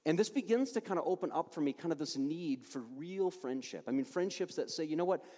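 A male pastor preaches with a lively, swinging delivery, his pitch rising and falling as he drives each point home. His voice sits a little higher than most men's. It rings out with a long reverb, as if filling a church sanctuary. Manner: animated, emphatic preaching with quick asides and repeated restarts. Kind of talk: sermon. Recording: long reverb of a large hall.

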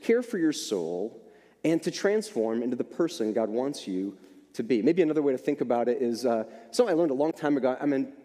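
A man's voice: mid-range voice, lively intonation, a little fast, warm tone. A man in his fifties, a pastor preaching a sermon in a church in a chatty, joking way full of asides. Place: church sanctuary. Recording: long hall reverb.

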